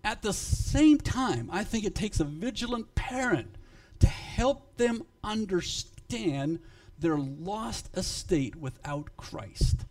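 Preaching a sermon to his congregation, a male pastor speaks in a fairly high, expressive voice, slowly and with emphasis. His volume rises and falls, and straying from his notes makes him pause and repeat himself.

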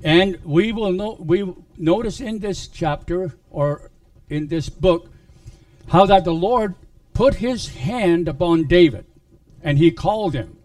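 A man preaching a sermon, retelling a Bible story in a halting way with many restarts. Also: sits high, darkish tone, no room sound, far from the mic.

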